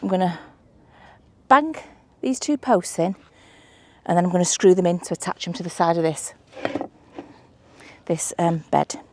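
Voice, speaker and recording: Chatty Manchester woman with gravelly voice. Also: fairly low pitch, lively intonation, unhurried, pauses often, dark tone, slight background noise. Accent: Manchester English. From England. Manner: chatty, self-deprecating, thinks aloud while doing DIY. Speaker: allotment gardening vlogger. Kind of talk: casual vlog narration while working. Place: outdoor allotment garden.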